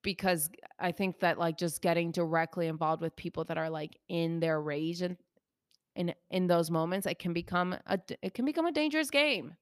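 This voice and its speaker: A podcast co-host and healer talks earnestly and reflectively about healing in a casual chat. Her fairly low voice moves at a moderate pace, recorded with clean studio sound and no echo.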